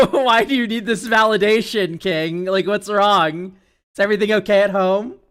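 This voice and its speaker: A man's voice: high-pitched, normal speed, fairly bright tone, clean tone. A young man streaming, chatting casually in a rambling, sarcastic way and laughing often. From United States. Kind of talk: casual chat.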